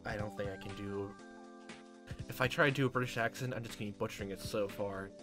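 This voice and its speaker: A man's voice: on the low side, fairly even intonation, fast talker. A man giving rambling, joking casual commentary while playing through a story game. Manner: rambling, filler-heavy, joking. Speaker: let's-play host. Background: game music.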